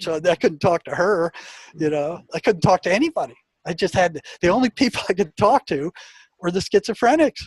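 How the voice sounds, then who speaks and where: A man, a guest in an interview, telling a story from his prison work in a casual, animated way, restarting sentences and laughing now and then. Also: sits high, brisk, breathy edge, dry recording.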